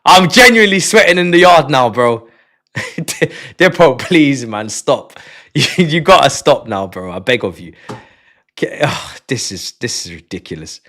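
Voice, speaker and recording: A man's voice: medium pitch, lively intonation, measured pace, pushed and bright. A man hosting a live stream, chatting casually in slang, often laughing and sighing. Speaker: livestream host. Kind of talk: casual livestream chat. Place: his home.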